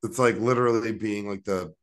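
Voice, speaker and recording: A man's voice: on the low side, steady tone, fairly quick. A man co-hosting a podcast in casual chat, rambling with lots of slang, fillers and restarts. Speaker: podcast co-host.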